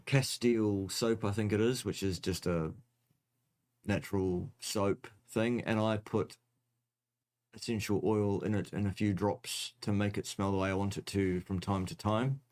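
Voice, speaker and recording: A man with a fairly low voice hosting a loose question-and-answer session. He teases his co-host and answers in a dry, joking way. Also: a little mellow. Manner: dry, teasing, jokey. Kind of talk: casual livestream chat.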